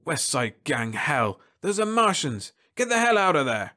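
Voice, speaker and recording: A gruff space captain in a storybook reading bellows orders and swears, his voice pushed up high and loud, as a male narrator puts him on. The pitch swings widely with every command. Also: very animated, unhurried, heavily acted. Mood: urgent barking. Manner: barking orders, cursing.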